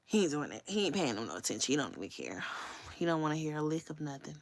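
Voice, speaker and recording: A woman's voice: low-pitched, very animated, fast, no echo. Candid, chatty woman livestreaming. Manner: candid and chatty, swears freely; talks straight to viewers. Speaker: livestream host. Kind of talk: casual livestream chat.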